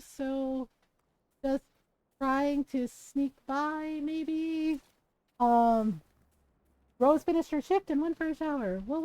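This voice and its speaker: Mellow-voiced woman streamer, animated. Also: mid-range voice, low-quality recording. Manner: animated storytelling with frequent swearing and laughter. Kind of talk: casual gameplay chat.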